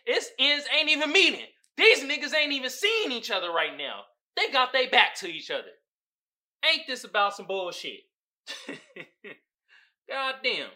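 A man hosting a podcast, in casual comedic commentary that is animated and profane, with frequent laughs. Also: high-pitched. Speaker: podcast host.

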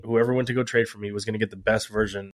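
A man in his thirties from Texas, a ballplayer guest speaking in a relaxed, earnest way. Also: on the low side, rapid-fire. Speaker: professional baseball player guest. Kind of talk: casual interview.

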